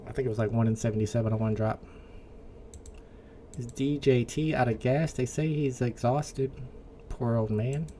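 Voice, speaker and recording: Man, Indiana accent, livestream host, casual chat, answers chat comments, medium pitch. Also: fairly even intonation, moderate pace, long pauses, warm tone, slight background noise.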